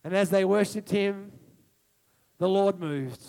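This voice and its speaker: A male preacher with a very high voice delivers an impassioned sermon. He repeats key phrases for emphasis and moves from soft asides to ringing declarations. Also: slow pace, creaky.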